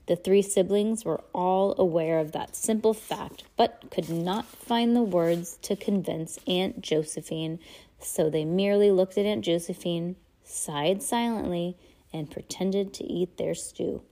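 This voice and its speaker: Woman reader, casual storybook read-aloud with offhand asides. Mellow, slightly low tone. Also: measured pace. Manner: reads aloud with casual asides and self-corrections. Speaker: amateur reader.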